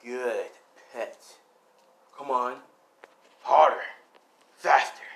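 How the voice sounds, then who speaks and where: A man's voice: medium pitch, lively intonation, slow pace, fairly bright tone. A man doing a stern, ruthless grandmaster. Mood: commanding. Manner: clipped, commanding. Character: stern, ruthless male martial arts grandmaster.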